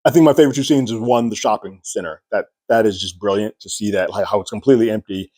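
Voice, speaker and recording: A man's voice: fairly low pitch, fast, a little mellow, no echo. A man giving a casual spoiler review of a TV episode, retelling scenes and acting out characters' lines with raised voices.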